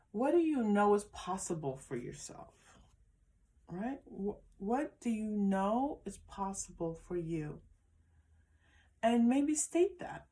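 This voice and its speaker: A woman giving a pick-a-card tarot reading, speaking gently and affirmingly to her viewers, with frequent restarts. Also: mid-range voice. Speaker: tarot reader.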